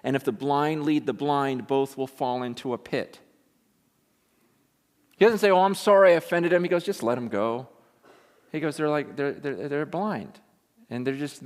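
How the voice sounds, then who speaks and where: Casual-talking preacher in a reverberant hall. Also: male voice, medium pitch, moderate pace. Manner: conversational, emphatic, paraphrasing scripture in casual speech. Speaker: pastor. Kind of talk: sermon. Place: large meeting room with an audience. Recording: long reverb of a large hall.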